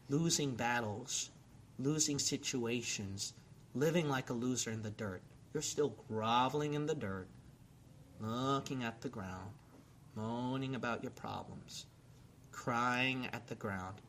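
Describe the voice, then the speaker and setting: A man's voice: medium pitch, slow, fairly bright tone, a little hiss or hum. A man preaching a sermon and leading an altar call, exhorting his listeners with repeated calls. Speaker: pastor.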